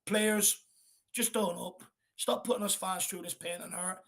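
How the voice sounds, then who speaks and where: Angry, gravelly high-voiced man. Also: fairly even intonation, a little slow, fairly bright tone. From Ireland. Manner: angry, blunt, swearing. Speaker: fan channel host. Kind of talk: live football watchalong chat.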